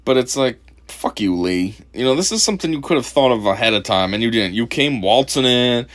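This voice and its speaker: A man's voice: mid-range voice, expressive, fairly quick. A man hosting a casual video commentary, mocking and profane, laughing often. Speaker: commentary channel host.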